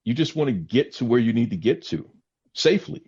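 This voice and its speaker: A man hosting a podcast who talks earnestly in casual chat, lecturing his point and jumping high when he mocks someone. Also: sing-song, a little fast, a little mellow, husky. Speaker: podcast host. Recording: dull lo-fi audio.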